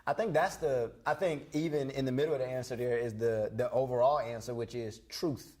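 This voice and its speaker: A man's voice: medium pitch, fairly even intonation, a little fast, darkish tone. A young man co-hosting a church youth show, chatting casually and joking. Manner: playful, jokey, boastful about words.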